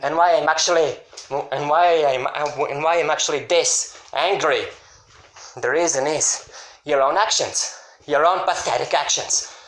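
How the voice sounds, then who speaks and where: A man delivering an angry, repetitive, scolding rant at a critic, sometimes breaking into shouts. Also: fairly high pitch. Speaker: YouTuber answering a critic. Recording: echoey room.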